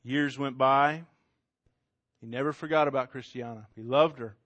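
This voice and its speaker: A man's voice: mid-range voice, fairly even intonation, moderate pace, a bit bright, no echo, lo-fi sound. A man telling a story in a casual, conversational way, with asides to the listener. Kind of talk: oral storytelling.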